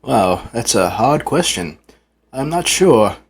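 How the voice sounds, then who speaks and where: A man's voice: medium pitch, very animated, slow, husky, full character voice. A man voicing a polite, cheerful male tram engine in a fan talk show.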